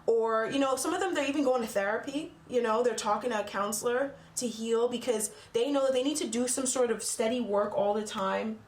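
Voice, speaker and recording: A woman's voice: on the high side, brisk, few pauses, roomy sound. A woman doing a casual tarot reading for her channel, talking bluntly and swearing freely as she gets heated. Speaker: tarot reader.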